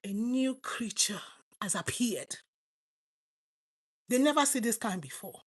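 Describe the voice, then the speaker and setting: Middle-aged Nigerian woman preacher with a raised pitch. Fervent, with loud bursts and quiet asides. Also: lively intonation, slow pace, long pauses. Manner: fervent, swinging between loud exclamations and low asides. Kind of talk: sermon.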